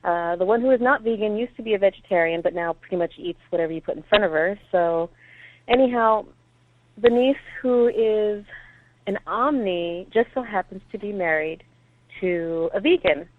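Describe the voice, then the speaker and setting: Woman caller, voicemail rant, frustrated and animated, thin phone-line sound. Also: mid-range voice, normal speed. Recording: tinny phone line with faint hiss.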